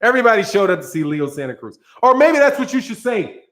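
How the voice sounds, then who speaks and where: A man's voice: high voice, very animated, fast talker, a bit bright. A man hosting a boxing commentary channel, ranting in a heated, profane way, repeating himself and breaking into laughter.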